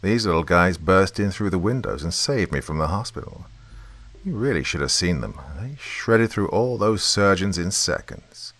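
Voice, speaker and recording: A man's voice: sits low, expressive, normal speed, fairly bright tone. A man voicing a gleeful, menacing young man crawling with centipedes, talking in a smug, taunting way.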